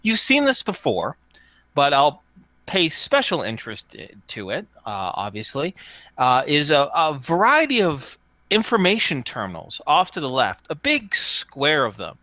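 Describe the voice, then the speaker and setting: Animated man running a tabletop game, bright voice, dry close mic. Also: on the high side, measured pace, no room sound. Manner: rambling, with fillers and restarts. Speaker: game master.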